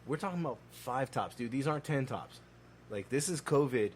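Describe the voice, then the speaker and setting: A man talks casually and profanely, throwing himself into every story. His pitch sits mid-range, and a faint hiss of background noise runs under the recording. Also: lively intonation, fairly quick. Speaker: podcast co-host. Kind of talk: casual chat.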